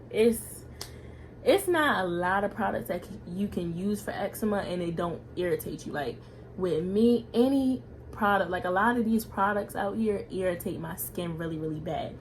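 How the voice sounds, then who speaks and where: A woman's voice: mid-range voice, normal speed, slight background noise. A young woman talking casually in a home vlog, filling her speech with "like" and "y'all". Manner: chatty, frequent "like" and "y'all" fillers. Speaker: vlogger.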